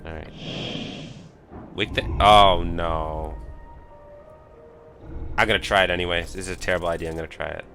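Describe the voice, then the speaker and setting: A man's voice: deep voice, fairly even intonation, moderate pace, vocal fry, long pauses, sharp tone, soft background music. A man streaming a video game, chatting casually and reading game text aloud.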